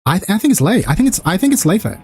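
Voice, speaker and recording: Racing along with a breathy edge, a man streams his excited, profane reaction to a game trailer. His voice keeps rising higher and louder as he gets more hyped.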